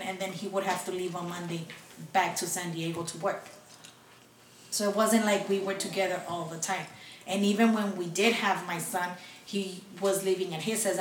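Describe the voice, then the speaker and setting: Among friends, a young woman shares a personal story, swearing often and moving between English and Spanish. Her medium-pitched voice is fairly bright. She's far from the mic in an echoey room with faint background noise.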